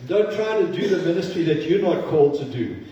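A male pastor preaches in a church sanctuary with a high, dark voice, animated and brisk. His sermon is earnest and conversational, with self-deprecating asides, and the distant, roomy, dull-toned recording carries a little hiss or hum.

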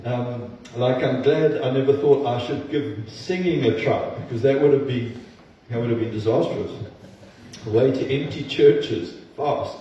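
A man's voice: mid-range voice, a little slow, dark tone, a little hiss or hum. Man preaching in an echoey church. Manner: earnest, conversational preaching with self-deprecating asides. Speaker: pastor. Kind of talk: sermon. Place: church sanctuary. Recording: distant, roomy, dull-toned church recording.

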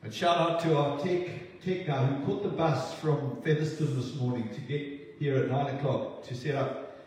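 A man preaching a sermon in a church, earnest and halting, often repeating words as he restarts. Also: a little high, fairly even intonation, a little mellow. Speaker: pastor. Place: church hall. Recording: echoey hall, distant mic.

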